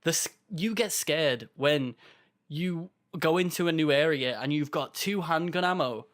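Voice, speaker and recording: A man's voice: fairly high pitch, unhurried, fairly bright tone. A man co-hosting a podcast, chatting in an easygoing, rambling way. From United Kingdom. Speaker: podcast co-host. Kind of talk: casual chat.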